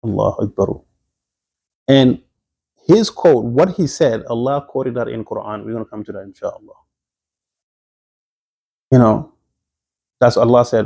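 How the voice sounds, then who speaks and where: Mellow-voiced man giving a religious lecture. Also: mid-range voice, moderate pace, gravelly, long pauses, slightly rough. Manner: conversational, repeats and restarts phrases, frequent exclamations; slips into quoted Arabic phrases. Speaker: Islamic teacher. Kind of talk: recorded Islamic history lecture.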